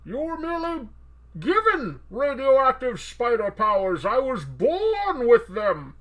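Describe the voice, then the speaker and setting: A man putting on a masked brute villain's voice for a slime alien, slow and menacing. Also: very high-pitched, wildly swooping pitch, voice pushed up, full character voice, poor audio.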